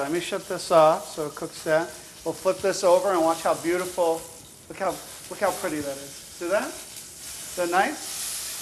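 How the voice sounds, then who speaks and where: There's background noise as a man with a slightly high voice hosts a cooking show from the stove in a show kitchen. He walks through each step in an upbeat, chatty way, encouraging and teasing as he goes.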